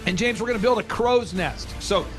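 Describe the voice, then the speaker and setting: A man hosting a business podcast, talking in animated, jokey, rambling banter with frequent restarts. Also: sits high, brisk, faint music behind. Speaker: host.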